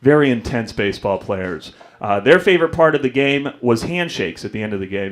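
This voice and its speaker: Young male stand-up, mid-pitch voice, self-mocking storyteller, club stage mic. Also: expressive, fairly quick, few pauses. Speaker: stand-up comedian. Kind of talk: stand-up comedy set.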